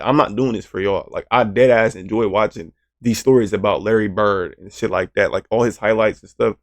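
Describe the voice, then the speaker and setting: A man's voice: mid-range voice, no room sound, clean studio sound. A man hosting a casual reaction video, speaking in slangy, profane, emotional bursts.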